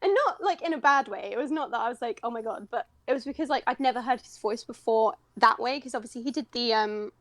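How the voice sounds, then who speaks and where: Speaking fast with few pauses, this young voice actress from the United Kingdom has a high, slightly bright voice and a British English accent. As an interview guest she rambles, pokes fun at herself and laughs frequently, and there's no room sound.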